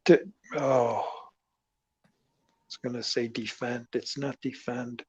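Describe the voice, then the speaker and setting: A man's voice: mid-range voice, fairly even intonation, slow pace, darkish tone, husky, dry recording, highs cut off. A man chatting casually on an online call, joking and rambling as he searches for words. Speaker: guest caller. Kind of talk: casual chat.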